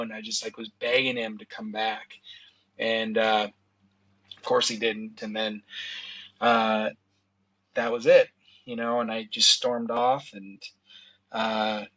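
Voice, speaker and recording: A man in his thirties talks openly on a podcast, loose and conversational, with lots of "you know" and "dude". His voice is bright and forceful. The recording is slightly dull and lo-fi. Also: on the low side, little pitch movement, a little slow, long pauses. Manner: candid, casual, says "you know" and "dude" a lot. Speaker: podcast guest. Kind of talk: emotional personal storytelling.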